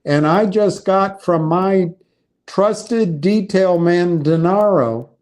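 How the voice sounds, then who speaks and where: Male streamer, unhurried and meandering, warm low-key tone, stops and restarts a lot. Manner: halting, meandering, frequent restarts. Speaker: livestream host. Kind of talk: rambling casual livestream talk.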